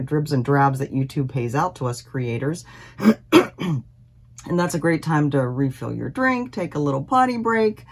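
A woman's voice: low-pitched, breathy edge. A woman talking casually to her viewers in a rambling, chatty way, with fillers and self-deprecating asides, recorded at home. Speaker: cross stitch vlogger.

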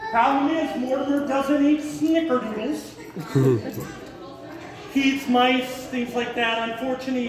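A man giving a live talk as a raptor handler to an audience, an animated storyteller who acts out the voices and shouts in his story. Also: very high voice. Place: hotel event room with an audience. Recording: echoey hall, far from the mic, crowd audible.

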